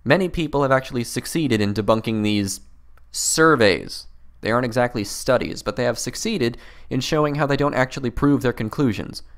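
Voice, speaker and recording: A man hosting a commentary video, rebutting clips in a mocking, exasperated tone. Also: fairly quick. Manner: mocking, exasperated, mimics opponents in high voices.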